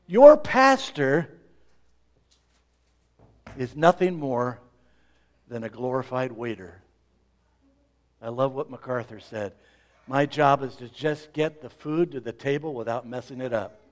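A middle-aged man preaching a sermon as pastor, swinging between loud emphasis and quiet asides. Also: medium pitch, a little slow, long pauses.

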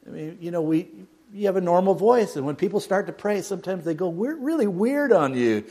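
A man preaching a sermon, dropping to near a hush and then rising loud. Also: high voice, animated, fast. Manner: dramatic swings from hushed to loud, mocks a pompous prayer voice.

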